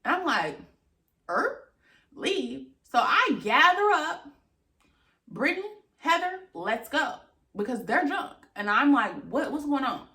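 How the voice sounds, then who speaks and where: Animated young woman telling a story. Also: sits high, measured pace, reverberant. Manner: animated, exasperated retelling with lots of quoted dialogue and cursing. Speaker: vlogger. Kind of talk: casual storytime.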